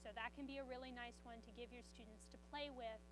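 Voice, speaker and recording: Woman, from the US South, conference presenter, upbeat explainer, higher voice, humming noise in the room. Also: steady tone, quick pace. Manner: upbeat, explanatory, answers audience questions. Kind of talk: conference presentation with live software demo.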